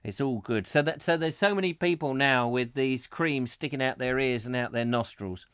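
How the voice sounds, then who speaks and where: A man's voice: medium pitch, moderate pace, a bit bright, clear, resonant tone, no room sound, clean studio sound. An English man hosting a comic live chat show, playfully reading viewer comments aloud and riffing with silly mock accents. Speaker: host.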